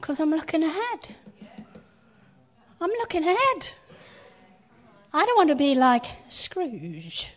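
Emphatic high-voiced woman preaching slowly. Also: huge pitch swings, dull audio. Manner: emphatic preaching with call-and-response. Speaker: pastor. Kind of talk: sermon.

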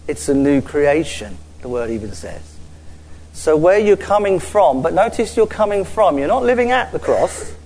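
A man preaching a sermon, his voice sitting a little higher than most men's. He is earnest, often stumbles and restarts his phrases, repeats words as he searches for them, then draws out the key lines slowly. He is speaking to a gathered church audience. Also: big pitch swings, a little mellow, a little hiss or hum, poor audio. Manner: slows down to stress key phrases.

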